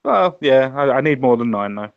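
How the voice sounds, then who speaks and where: A man explaining things in a relaxed way, in casual chat. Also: mid-range voice, moderate pace, vocal fry, clear, resonant tone, dry recording, dull audio.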